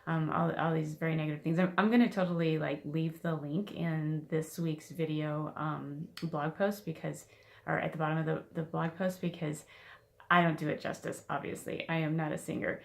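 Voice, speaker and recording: A woman's voice: low-pitched, fairly even intonation, moderate pace, gravelly. A woman success coach giving a casual weekly motivational talk, chatty with fillers and restarts.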